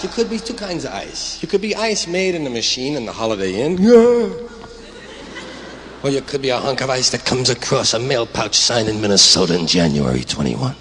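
A man's voice: medium pitch, sing-song, normal speed, a bit bright, a little hiss or hum. A male comedian in a rambling, absurd stand-up monologue. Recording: long reverb of a hall.

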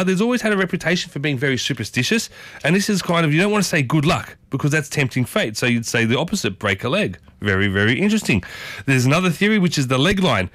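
A man's voice: mid-range voice, fairly bright tone, dry recording. A man hosting a community radio show, chatty and enthusiastic, often repeating himself. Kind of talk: casual radio chat. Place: radio studio.

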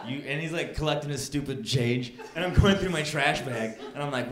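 A man doing a stand-up set, telling a story with growing excitement and laughing into his lines. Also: fairly high pitch, brisk, few pauses. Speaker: stand-up comedian. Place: comedy club stage. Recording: echoey live room with crowd.

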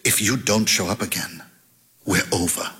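Hoarse jealous woman, as a male reader puts her on. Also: low voice, moderate pace, bright, forceful tone, in a large hall, pitched below the performer's own voice, exaggerated voice. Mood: resigned. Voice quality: hoarse, forced. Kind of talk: audiobook reading.

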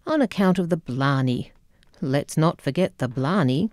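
Woman narrator for a memoir read: low, mellow voice, unhurried, wry and measured, close and dry. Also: lively intonation, dry recording. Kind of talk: reading a memoir audiobook.

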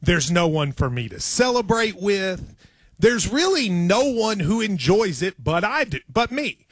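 A man in his forties hosting a sports radio show, chatting in an excitable, storytelling way. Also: sits high, measured pace, no room sound. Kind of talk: casual sports radio chat. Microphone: studio microphone.

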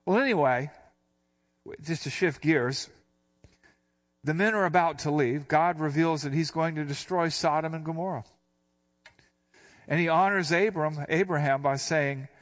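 Older male pastor teaching scripture. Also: fairly high pitch. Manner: conversational teaching, reading scripture aloud slowly. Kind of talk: sermon.

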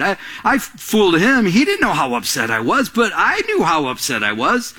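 A man preaching a sermon to a congregation, animated, swinging between soft and raised delivery and acting out little scenes with quoted voices. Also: high voice, normal speed, few pauses. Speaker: pastor.

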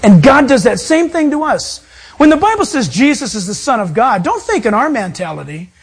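Pastor guy preaching, husky breathy voice, lots of repeating for emphasis. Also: very high voice, big pitch swings, normal speed. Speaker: pastor and Bible teacher. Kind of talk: sermon.

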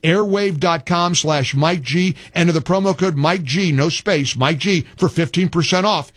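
A man's voice: a little high, moderate pace, fairly bright tone, no room sound. A man reading a sponsor ad on his radio show, enthusiastic with stumbling restarts. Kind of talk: host-read ad.

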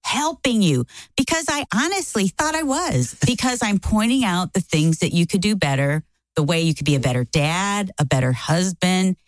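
A middle-aged woman tells a story in a casual conversation, acting out the quotes as she goes. Her voice sits low but swings widely in pitch. The recording is dry and close. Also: moderate pace, no echo. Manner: animated, acts out quoted lines. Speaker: co-host.

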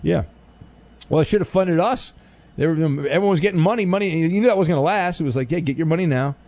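A man hosting a call-in radio show in casual banter, animated and quick to joke, stammering when flustered. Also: sits high.

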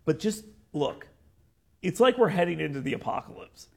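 A man hosting a political talk show, chatting casually, animated and joking, with frequent restarts. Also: a little high, normal speed, vocal fry.

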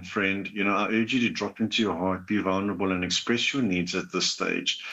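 A man hosting a call-in advice show, talking in a gentle, earnest coaching manner. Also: fairly low pitch, muffled recording. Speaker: relationship advice host.

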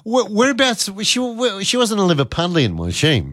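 A man, hosting a radio show and chatting with callers in a jokey, animated way. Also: sits high, moderate pace, dry recording. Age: 50s. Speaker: radio host. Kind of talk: casual radio chat with callers. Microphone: studio microphone.

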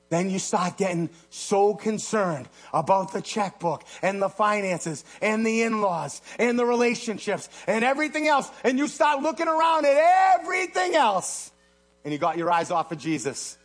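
A man preaching a sermon, swinging between loud exhortation and low hushed asides. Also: husky. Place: church platform.

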